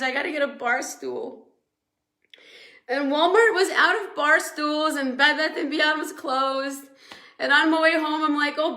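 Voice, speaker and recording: A woman's voice: sits high, sharp tone, roomy sound. A woman coaching a weight-loss group on a casual live stream, emotional and rambling, teary with a sore throat from crying and laughing often.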